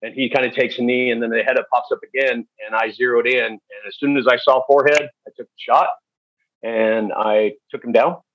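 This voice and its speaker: A man speaking as a podcast guest, telling stories in a candid, halting way with many fillers. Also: mid-range voice, steady tone, a bit bright, dry recording. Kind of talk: storytelling interview. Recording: dull, dry lo-fi recording.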